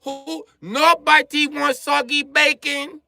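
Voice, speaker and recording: A man voicing a fast-food worker who shouts complaints in clipped, broken phrases. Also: extremely high pitch, little pitch movement, vocal fry, soft background music, pitched above the performer's own voice, full character voice. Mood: exasperated.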